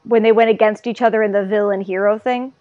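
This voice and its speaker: A woman co-hosting a podcast, chatting in an animated way and retelling scenes. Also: medium pitch, fast, narrow, tinny audio. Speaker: podcast co-host. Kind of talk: casual anime discussion.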